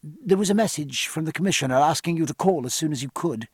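A gentle, anxious young wife, softly put on by a man reading aloud. Her words come quick and tumble over one another, low and breathy. The recording is close and dry. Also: expressive, no echo. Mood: quiet.

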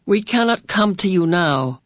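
A man voicing a mysterious old female spirit who speaks in a measured, cryptic way and quotes verse. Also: sits high, animated, a bit bright, dry recording, clean studio sound. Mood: cryptic solemn. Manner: measured, cryptic, deliberate delivery.

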